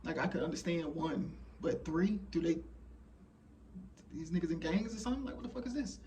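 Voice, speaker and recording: A man's voice: fairly high pitch, expressive, brisk, a little mellow, recorded from a distance, a little hiss or hum. Frank man in his thirties, off-mic. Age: 30s. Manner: frank, profane, rambling with fillers. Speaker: channeler sharing messages. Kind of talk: casual monologue.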